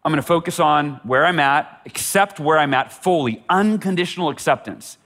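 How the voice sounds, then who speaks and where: A man's voice: on the high side, moderate pace, a bit bright. A middle-aged man telling a personal story as a motivational speaker, earnest and often repeating words for emphasis. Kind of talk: storytelling talk.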